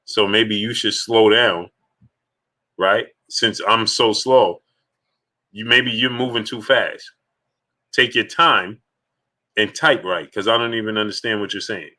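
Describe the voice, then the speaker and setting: A man with a lowish, bright and forceful voice hosts a live sports stream. He talks casually and emphatically, hammers his points through repetition and keeps calling out viewers in the chat by name. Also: measured pace, pauses often.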